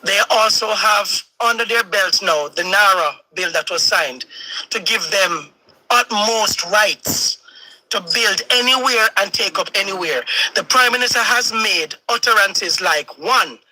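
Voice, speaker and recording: A man's voice: high voice, unhurried, pushed and bright, dry recording, low-quality recording. A man with a Jamaican accent giving impassioned political commentary as a stream host, switching between patois and standard English. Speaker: host of a live talk stream.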